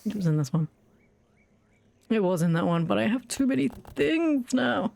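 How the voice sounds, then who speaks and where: A woman's voice: medium pitch, animated, normal speed, creaky, a little mellow. A woman streamer chatting casually and rambling while she plays a game, often poking fun at herself and giggling. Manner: rambling, self-mocking, giggly. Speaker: gaming streamer. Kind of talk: casual let's-play chat.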